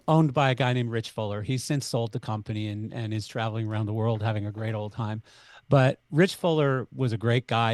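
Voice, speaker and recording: Canadian man telling an animated story. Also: mid-range voice, no room sound. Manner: animated, acts out both sides of dialogue. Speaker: podcast guest. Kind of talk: conversational storytelling.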